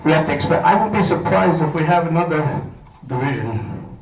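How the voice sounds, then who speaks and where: A man's voice: on the high side, animated, fairly quick, slight background noise. Breathless Brooklyn man in an echoey hall. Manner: blunt, rambling, laughs often. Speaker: speaker at a political social. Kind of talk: informal speech to a crowd. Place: event hall. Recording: echoey room, from far off.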